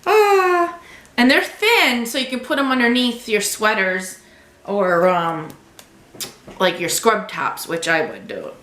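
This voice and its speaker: A woman's voice: medium pitch, big pitch swings, slow pace, fairly bright tone, echoey room. A woman vlogger unboxing a subscription box at home, gushing over each item and cooing to her cat. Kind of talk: casual unboxing chat.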